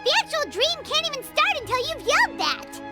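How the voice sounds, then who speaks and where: A woman's voice: very high-pitched, very animated, brisk, bright, forceful tone, faint music behind, full character voice. A woman voicing a chirpy little floating girl companion in a video game who talks about herself in the third person. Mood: chatty.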